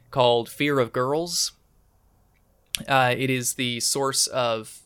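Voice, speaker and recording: Smooth-voiced young man, chatty podcast co-host. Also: medium pitch, pushed and bright. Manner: chatty, self-deprecating. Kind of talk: casual chat. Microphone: podcast microphone.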